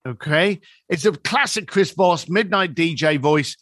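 Man, fairly high voice, swings pitch widely, acts out other people as he tells a story, dry close sound. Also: sing-song, slow, fairly bright tone, dry recording. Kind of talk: conversational storytelling.

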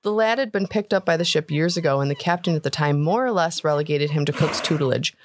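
A woman hosting a tabletop game podcast, giving a steady, expressive story narration. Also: low voice, fast talker. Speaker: podcast host and story reader. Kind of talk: read-aloud story narration.

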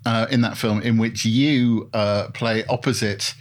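A man's voice: fairly low pitch, steady tone, measured pace. A man hosting a casual interview, joking and teasing his guest with frequent ums and uhs. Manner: jokey, teasing, fillers and hesitations. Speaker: host.

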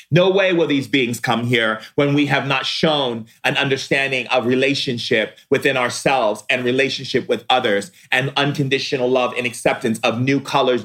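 A man giving a spiritual talk, preaching slowly and emphatically, drawing out his words and acting out the voices of people he quotes. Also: mid-range voice, a bit bright. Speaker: spiritual teacher.

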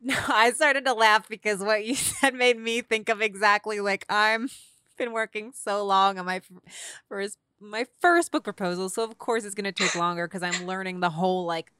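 A woman hosting an interview, talking in a chatty, animated way with lots of fillers. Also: mid-range voice, moderate pace, smooth, no room sound, clean studio sound. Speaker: podcast host. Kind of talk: casual interview chat.

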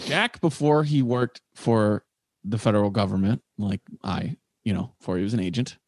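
A man's voice: on the low side, normal speed, darkish tone, dry recording. A man co-hosting a podcast, telling a rambling story full of asides over a video call. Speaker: podcast co-host. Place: home room on a video call. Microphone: video call microphone.

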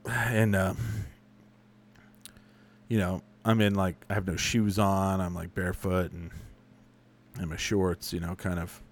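A man's voice: sits low, flat delivery, measured pace, pauses often. A young adult man chatting casually as a podcast host, answering listener questions with rambling, profane, self-correcting stories. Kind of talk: casual chat.

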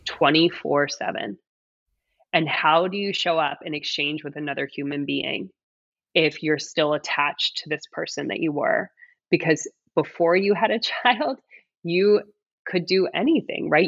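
A woman in her thirties, a mother and coach, is a guest on a podcast, speaking earnestly and from the heart in a reflective interview. Her voice is low with a fairly bright tone, she says "like" and "right?" a lot, and the audio is dry and dull.

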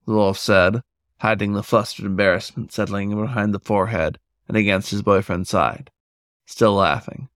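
A man reading a story aloud for a podcast in a steady, measured way. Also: fairly low pitch, no room sound, clean studio sound. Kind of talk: scripted narration.

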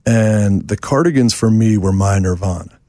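A songwriter guest from New York speaks at normal speed in a fairly low voice, recorded with studio quality and no echo. At a house, he tells a long, rambling anecdote, animated and full of fillers.

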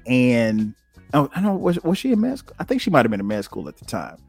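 A man from South Carolina hosting a podcast, telling stories in a relaxed, casual way and jumping up in pitch when he quotes himself. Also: quick pace, creaky, slightly rough, faint music behind. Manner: animated, jumps high when quoting himself. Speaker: podcast host. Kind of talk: casual storytelling.

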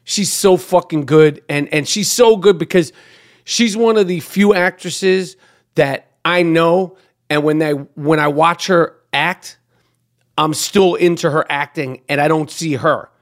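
A man's voice: a little high, a little slow. A middle-aged man hosting a podcast in a casual monologue, talking bluntly and profanely and rambling with frequent restarts. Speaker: podcast host.

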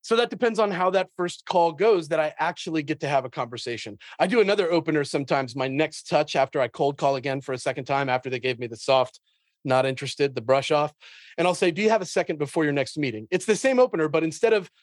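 A man with a slightly higher voice talks shop about selling in a lively, laughing interview manner. He acts out his cold-call openers as he goes, and the recording sounds dry and close. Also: fast, dry recording. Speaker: sales podcast host and guest. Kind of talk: conversational interview.

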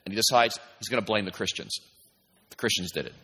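A man's voice: fairly low pitch, fast, bright, forceful tone, husky. A man preaching a sermon as pastor, talking in a conversational way with many "you know"s and restarts. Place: church sanctuary. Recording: long reverb from a church hall.

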